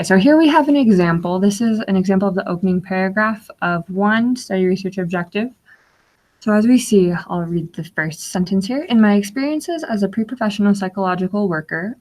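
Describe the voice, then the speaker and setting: A young woman giving an instructional webinar, explaining slides step by step with frequent fillers. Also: mid-range voice. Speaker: webinar guest speaker.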